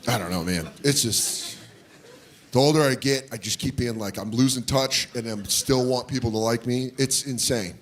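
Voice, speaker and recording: A middle-aged man doing a stand-up comedy routine, loud and animated, breaking into shouted put-on voices. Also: medium pitch, normal speed. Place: comedy club stage before a laughing audience. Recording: live club recording with crowd noise.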